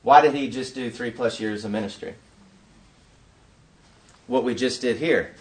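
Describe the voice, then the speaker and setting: A man leading an interactive teaching session at a conference, quizzing his audience in an animated way. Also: mid-range voice, measured pace. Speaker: workshop teacher.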